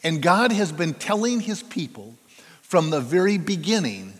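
An older man preaches a sermon in a slow, unhurried way, his voice sitting a bit high for a man. He stumbles over and repeats words, then presses hard on the ones he wants to stress. Long reverb trails after him through the church. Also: big pitch swings. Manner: halting, repeats words, building to emphatic stresses. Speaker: pastor. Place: church sanctuary.

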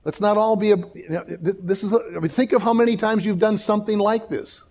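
A pastor in full sermon mode, his somewhat high voice swinging between hushed warnings and loud, excited story beats. He acts out the people in his stories and often restarts his sentences. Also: a little fast, few pauses. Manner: restarts and repeats words.

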